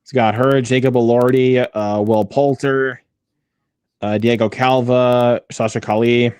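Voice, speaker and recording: A man's voice: medium pitch, fairly even intonation, a little slow, a little mellow, smooth, no echo, studio quality. A man hosting a movie watch-along, chatting casually with many fillers and restarts.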